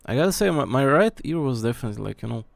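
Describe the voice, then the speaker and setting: A man's voice: medium pitch, big pitch swings, rapid-fire, creaky, no room sound. A man streaming from home, thinking aloud as he checks how his microphone sounds at different distances. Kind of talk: casual mic-check rambling. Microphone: desk mic, moving nearer and farther.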